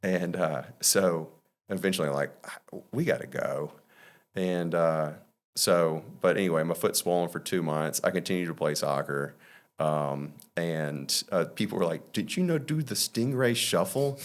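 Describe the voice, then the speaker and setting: Unhurried and deep-voiced with fairly even intonation, a Mississippi man appears as a guest on a podcast. His casual storytelling wanders, full of fillers and false starts.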